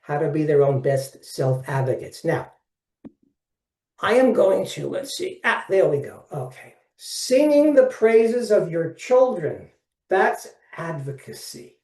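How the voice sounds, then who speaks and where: A man in his seventies with a Brooklyn accent leads a webinar in a cheerful, chatty way, speaking right to his audience. His voice sits a little high, with a soft, mellow tone. He sounds set back from the microphone, in a room that echoes. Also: sing-song, slow pace. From Brooklyn, New York. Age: 70s. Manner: folksy, upbeat, addresses listeners directly. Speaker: workshop presenter. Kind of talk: webinar presentation. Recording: distant mic in an echoey room.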